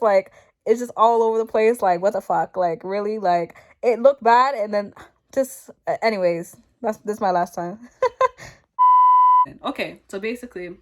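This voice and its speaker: A young adult woman vlogger telling a story in casual chat, rambling and animated, full of fillers and swearing. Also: mid-range voice.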